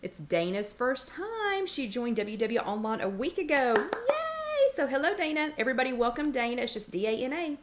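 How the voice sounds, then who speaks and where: A woman's voice: on the high side, lively intonation, brisk, hardly any pauses, noisy background. A chatty middle-aged woman hosts a casual livestream chat from her kitchen. She greets viewers one after another by name and reads out their comments. Now and then she breaks off to scold her dog. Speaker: host of a weight-loss support livestream. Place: home kitchen.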